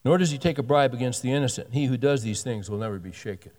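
A man's voice: medium pitch, fast, a little mellow. A man in his sixties preaching a sermon, reading scripture aloud and breaking in with folksy joking asides. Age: 60s. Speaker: pastor. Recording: long hall reverb.

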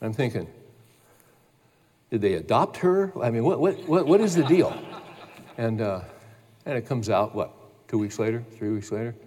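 A man preaching a sermon as pastor, telling a story in a casual, animated way. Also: mid-range voice, normal speed, long pauses, long reverb tail. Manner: storytelling, animated when quoting others.

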